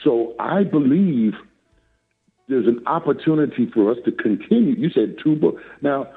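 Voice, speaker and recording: An older man on a phone call as a talk guest, talking in a lively, preacherly way and laughing often. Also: medium pitch, normal speed, vocal fry, slightly rough, soft background music. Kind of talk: casual chat. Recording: tinny phone line.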